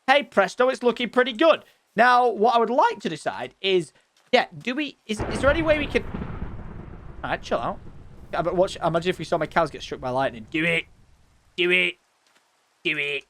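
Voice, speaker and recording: A young man commenting on his Minecraft building session in chatty, excitable talk with frequent exclamations. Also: high-pitched, moderate pace. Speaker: gaming YouTuber. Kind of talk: Minecraft let's play commentary.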